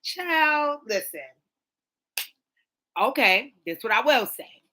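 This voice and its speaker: A woman talks straight to her viewers in a loose, blunt vlog rant. Her voice is bright and forceful, and she repeats phrases to drive her points home. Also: fairly low pitch, moderate pace, slight background noise, rough recording. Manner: blunt, animated, repeats lines for emphasis. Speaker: host. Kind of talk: casual opinion vlog.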